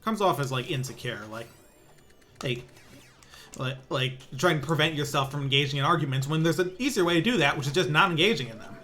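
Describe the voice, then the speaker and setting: A man's voice: a little high, expressive, a little fast, bright, forceful tone, faint music behind. A young man streaming a pinball game, chatting casually in a rambling way with many restarts and sarcastic asides. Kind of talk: casual stream commentary while playing.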